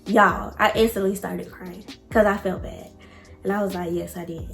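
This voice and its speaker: A woman's voice: mid-range voice, fairly even intonation, normal speed, creaky, roomy sound, faint music behind. A young woman vlogger telling a personal love story to her viewers, candid and emotional.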